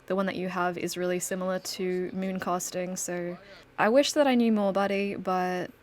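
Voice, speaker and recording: A woman's voice: lowish voice, steady tone, normal speed, a little hiss or hum, natural voice. A woman voicing a kindly male mentor in a life-sim game, rambling and apologetic. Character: kindly old male mentor, out of his depth.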